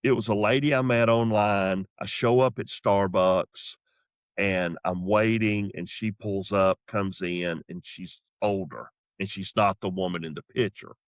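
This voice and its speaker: A middle-aged Southern man with a low voice and a Southern accent tells a comedy story in a casual, animated way. His voice sounds dry and close, and he slips into quoted voices along the way. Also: measured pace, no echo. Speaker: comedian guest.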